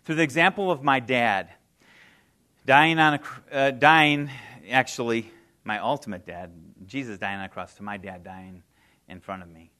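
Fifties male guest speaker, mid-pitched, heartfelt plainspoken testimony. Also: moderate pace, bright, forceful tone. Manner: earnest, heartfelt storytelling, emotional; plain conversational phrasing with fillers. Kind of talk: personal testimony speech.

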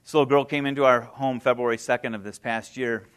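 A man's voice: mid-range voice, steady tone, quick pace, fairly bright tone, smooth. A man in his fifties giving a personal testimony to an audience, earnest and heartfelt, telling his story in plain conversational speech. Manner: plain conversational phrasing with fillers. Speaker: guest speaker.

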